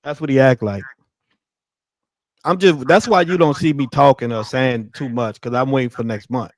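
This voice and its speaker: A man calling into a casual livestream as a guest, talking in a laid-back, low-key way. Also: moderate pace, no echo, rough recording.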